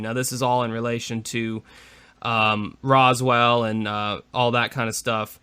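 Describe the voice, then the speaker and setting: A man's voice: mid-range voice, flat delivery, a little slow, pushed and bright, clean tone. A man co-hosting a podcast in casual chat, rambling with many fillers. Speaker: podcast co-host.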